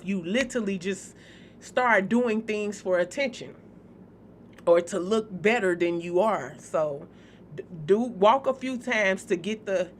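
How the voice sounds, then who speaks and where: A woman's voice: medium pitch, slight background noise. A woman hosting a spiritual channel, talking casually and bluntly to her viewers, joking and cursing freely. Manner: blunt, profane, joking, speaks straight to viewers.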